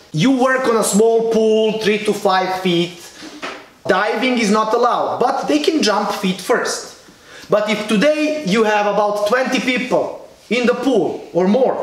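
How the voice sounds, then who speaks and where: High-voiced man with a strong accent. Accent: Eastern European. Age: middle-aged. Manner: firm, direct teaching with acted-out whistle commands. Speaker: lifeguard instructor. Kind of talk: instructional talk to camera. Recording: echoey room.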